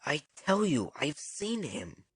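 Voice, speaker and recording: A woman's voice: sits low, big pitch swings, slow, slightly rough, dry recording, clean studio sound, voice pushed down, exaggerated voice. A woman reading an audiobook, voicing a jovial, boisterous male doctor with thick emphasis. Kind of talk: audiobook narration.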